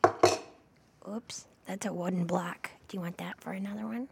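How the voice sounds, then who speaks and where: A woman talking in soft whispers, chatting playfully to listeners in a whispered role-play. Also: on the low side, steady tone, brisk, gravelly, very noisy. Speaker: ASMR host.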